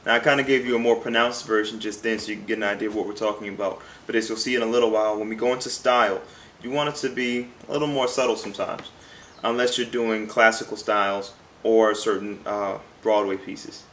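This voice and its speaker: A man's voice: lowish voice, fairly even intonation, fast, fairly bright tone, slight background noise. A man teaching a singing lesson, speaking plainly and earnestly and repeating points for emphasis. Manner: talks plainly and sings short demonstration phrases. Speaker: vocal coach.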